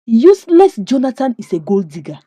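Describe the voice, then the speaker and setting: A woman's voice: fairly high pitch, very animated, a little fast, warm tone, no room sound, studio quality. A woman recapping a comedy series in a dramatic, judgmental storytelling way, full of rhetorical questions.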